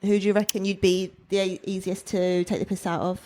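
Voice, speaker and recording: A woman's voice: mid-range voice, flat delivery, a little fast, warm tone. A woman co-hosting a podcast, chatting in a dry, matter-of-fact way. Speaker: podcast co-host. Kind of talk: casual chat.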